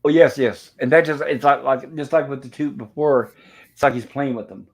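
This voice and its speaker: At a medium pitch and a normal speed, a man hosts a live movie review. He retells the film scene by scene and reads its lines aloud.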